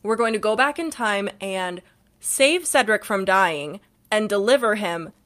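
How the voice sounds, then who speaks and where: A woman's voice: mid-range voice, lively intonation, measured pace, fairly bright tone. A young woman co-hosting a casual book podcast, retelling the plot with lots of laughter and swearing. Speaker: podcast co-host.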